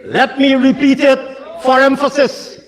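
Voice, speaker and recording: A man, a government minister, giving a deliberate and emphatic budget speech in a large parliamentary chamber. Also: very high voice, level tone. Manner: deliberate and emphatic, rising to forceful oratory. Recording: long hall reverb.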